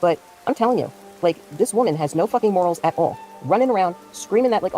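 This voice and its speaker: A woman streamer tears into the drama in casual livestream commentary, indignant and cursing freely. Her voice is dark and mellow, with a little music playing faintly underneath. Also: medium pitch, quick pace, few pauses. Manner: heated, profane, indignant ranting.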